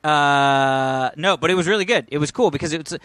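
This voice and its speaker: A man co-hosting a casual podcast, reading listener mail and telling stories in an animated, jokey way. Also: a little high, a little fast, clear, resonant tone, no room sound. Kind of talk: casual chat.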